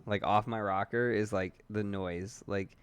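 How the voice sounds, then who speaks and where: A man's voice: fairly low pitch, steady tone, unhurried, smooth. A man co-hosting a casual podcast, rambling with lots of fillers and laughter as he tells stories about parenting. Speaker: podcast co-host. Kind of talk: casual chat.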